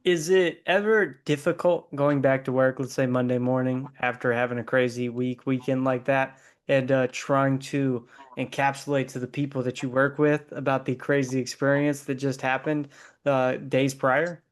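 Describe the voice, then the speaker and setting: A man with a mid-range voice hosts a wrestling podcast. He asks his questions in a relaxed, easygoing way, pausing on many ums and uhs. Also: medium pitch. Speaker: podcast host. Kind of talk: interview hosting.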